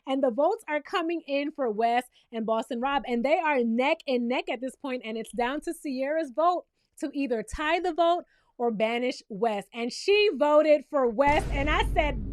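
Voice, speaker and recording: A woman's voice: high-pitched, lively intonation, normal speed, faint music behind. A woman recapping a reality TV show in a casual vlog, sassy and exclamatory, calling people child and baby.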